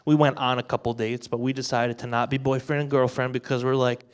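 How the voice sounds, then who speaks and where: A man in his twenties preaching an energetic youth sermon. He talks in an animated, joking way and acts out the thoughts he quotes. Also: medium pitch, moderate pace, clear, resonant tone. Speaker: youth pastor.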